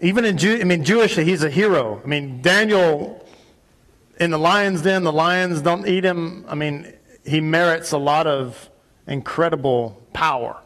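A man preaching a sermon in a synagogue, arguing emphatically and rising to loud peaks on key points. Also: a little high, a little slow. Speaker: rabbi.

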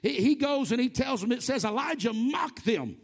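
A man preaching a Pentecostal sermon, animated and often shouting, with humorous, mocking asides. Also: very high voice, normal speed. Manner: animated, shouts and acts out the quoted voices.

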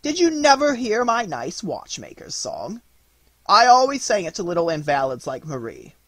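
A man voicing an eccentric old male godfather and clockmaker, playful and jumping into high exclamations. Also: sing-song, moderate pace, fairly bright tone, no echo, exaggerated voice. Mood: teasing.

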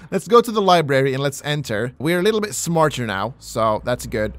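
A man's voice: medium pitch, sing-song, moderate pace, a bit bright, no room sound. A man hosting a let's play, commenting with jokes, mock-pleading and casual swearing. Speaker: gaming channel host.

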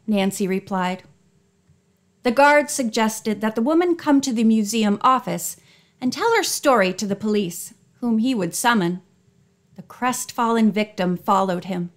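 A woman narrating an audiobook with clear, steady storytelling. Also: medium pitch, a little slow.

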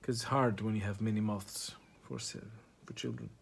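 A man's voice: fairly low pitch, steady tone, normal speed, vocal fry, breathy edge. A man who does stand-up, telling a rambling, profane, absurd story straight to camera. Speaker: comedian vlogger. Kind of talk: rambling comic monologue to camera.

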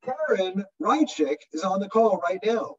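A man's voice: high voice, a little slow, husky. Man teaching over a dull distant call. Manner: animated, acts out customer voices. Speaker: real estate trainer. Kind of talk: webinar software walkthrough. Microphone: video call. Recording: dull lo-fi audio from far off the mic.

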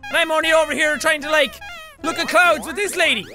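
High-pitched, excitable man gaming. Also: a little fast, music in the background. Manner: loud, excitable, swearing often, laughing. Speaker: gaming YouTuber. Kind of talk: let's play commentary.

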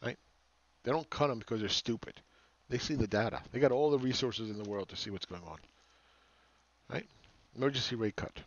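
A man's voice: mid-range voice, fairly quick, muffled recording. A man hosting a market commentary channel, ranting sarcastically with exasperation and repeating phrases for emphasis. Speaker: market analyst host.

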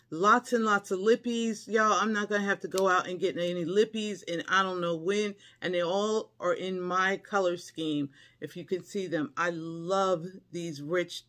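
A woman's voice: fairly low pitch, fairly bright tone. A middle-aged woman chatting to her viewers as she unboxes a haul, gushing and effusive, breaking into delighted squeals. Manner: chatty, calls viewers y'all and honey. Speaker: haul vlogger. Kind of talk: casual unboxing chat to viewers.

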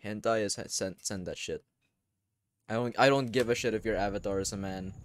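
A young man streaming a game, rambling and swearing, with sudden loud outbursts between mumbled remarks. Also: on the low side, brisk, dry recording. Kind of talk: live gameplay commentary.

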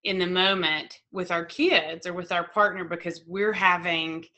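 A woman's voice: on the low side, steady tone, moderate pace, sharp tone, lo-fi sound. A woman therapist guest explaining ideas thoughtfully in a conversation. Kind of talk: expert conversation.

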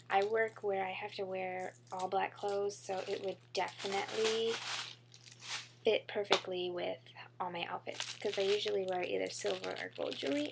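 A woman's voice: mid-range voice, vocal fry, a little mellow, slight background noise. A young woman chatting casually to camera in a haul vlog, bubbly and chatty, full of fillers and gushing about how cute things are. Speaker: beauty vlogger.

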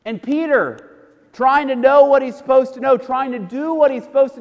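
Pastor, male, high voice, casual storytelling sermon, echoing church. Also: moderate pace, gravelly, lo-fi sound. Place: church sanctuary. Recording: church hall reverb.

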